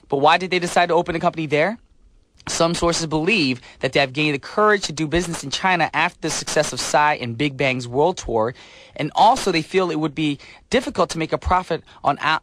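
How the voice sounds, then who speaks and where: A man's voice: a little high, fairly quick, a bit bright, slight background noise. A man hosting a radio show from a studio, upbeat and chatty, with some filler sounds. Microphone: studio mic.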